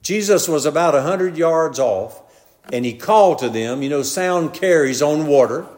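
Older male preacher, Southern drawl, fairly high voice, homely down-to-earth delivery with a long church echo. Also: animated, moderate pace, a little mellow. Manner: homely storytelling, repeatedly addressing "brethren". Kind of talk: folksy conversational sermon. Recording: long reverb of a large hall.

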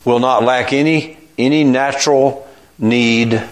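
An older man preaching an informal sermon, slow and reflective, often restarting his phrases. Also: mid-range voice, steady tone.

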